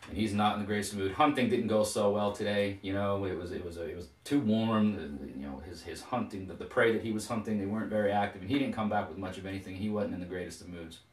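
A man's voice: lowish voice, quick pace, hardly any pauses. A man retelling an old myth in a casual, rambling way full of fillers, recorded with a roomy echo from a distant mic. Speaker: storyteller.

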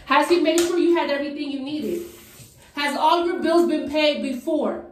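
Her high-pitched voice moves at a moderate pace, picked up from afar in an echoey room with slight background noise. Doing a get-ready-with-me video, the Christian vlogger preaches with fervour in a conversational tone, lifting up her viewers as she gets ready.

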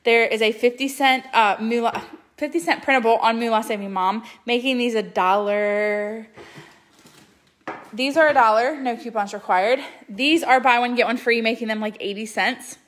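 Chatty woman with a higher voice. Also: moderate pace, fairly bright tone. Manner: chatty and upbeat, lots of ums. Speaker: couponing vlogger. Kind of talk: casual shopping haul chat.

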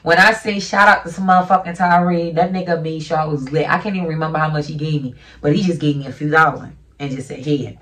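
A woman's voice: low-pitched, steady tone, fast talker, few pauses, fairly bright tone, far from the mic. A young woman vlogger telling a casual storytime in a brash, profane, emphatic way.

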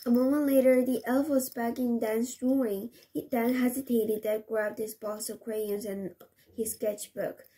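A woman whose first language is Korean, a parent reading a storybook aloud to a child in English, slow and gentle, with small slips and restarts. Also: a little high, fairly even intonation.

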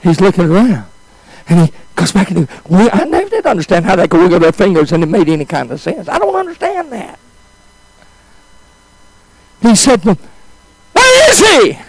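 A male preacher telling a story in a sermon, swinging from high exclamations to hushed, drawn-out phrases. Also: sing-song, breathy edge, dry recording, low-quality recording.

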